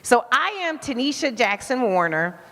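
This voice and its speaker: A woman's voice: fairly high pitch, sing-song, normal speed, fairly bright tone. A woman with an Alabama accent giving a motivational talk to a live audience, engaging the crowd with questions. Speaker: guest speaker. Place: event venue with live audience. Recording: reverberant event hall.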